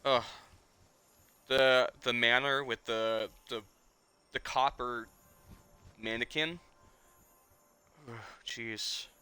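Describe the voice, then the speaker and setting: A man's voice: medium pitch, steady tone, very slow, long pauses, sharp tone, clear, resonant tone. A man in his twenties, a streamer, chatting casually and emotionally in a rambling way and swearing often. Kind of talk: casual nostalgic chat.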